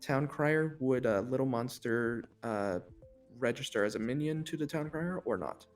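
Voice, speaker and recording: A man's voice: medium pitch, moderate pace, soft background music. A man, a player in an online game, hesitantly asking the storyteller a rules question. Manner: hesitant, full of ums. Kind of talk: private chat with the storyteller.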